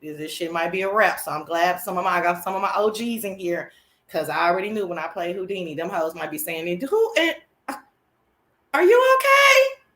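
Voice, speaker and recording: Hosting her own live chat show, a woman talks casually in a sassy, slangy, excitable style, breaking into shrieking laughter. Her pitch is fairly low and she speaks fast.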